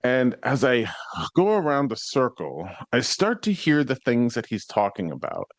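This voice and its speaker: A man hosting a podcast, telling a story in a casual, conversational way that grows animated as he retells what happened. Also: mid-range voice, unhurried, no room sound. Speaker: psychic medium podcast host.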